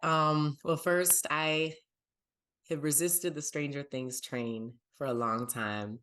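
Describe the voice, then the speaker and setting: A man's voice: on the high side, fairly even intonation, takes it slowly, pushed and bright. A man hosting a pop culture podcast, chatting upbeat and casual about TV and plugging his pages. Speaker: podcast host.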